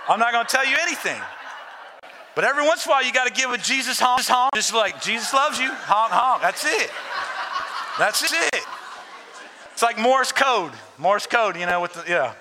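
Male pastor, high and very bright voice, chatty joking sermon delivery, long hall reverb. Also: animated, brisk, slight background noise. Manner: conversational, joking preacher who turns earnest. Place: church sanctuary.

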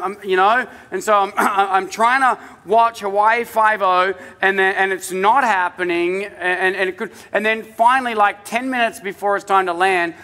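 A pastor with an accent tells a humorous, self-mocking story from the pulpit, chatty and animated. His voice sits high and sounds bright. A long hall reverb trails each phrase. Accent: non-native English accent.

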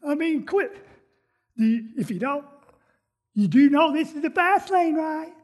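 A woman preacher playing a grumbling churchgoer who complains to God and shouts at slow drivers in a sermon skit. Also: sits high, voice pushed up. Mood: impatient. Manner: exasperated complaining, rising to shouted impatience. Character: grumbling churchgoer, impatient and easily annoyed.

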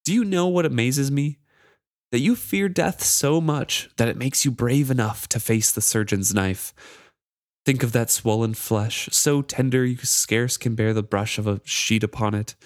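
A man's voice: medium pitch, unhurried, no room sound, studio quality, pitched above the performer's own voice, lightly acted. A man voicing a cruel, mocking wooden charm that taunts a pirate captain, in a raised, sneering voice. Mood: taunting.

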